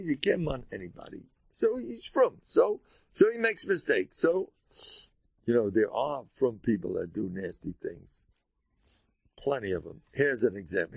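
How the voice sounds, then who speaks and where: An older man, a rabbi, giving an informal Torah lecture in American Orthodox Jewish English, emphatic and animated, jumping between high exclamations and low asides. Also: gravelly, breathy edge, dry recording.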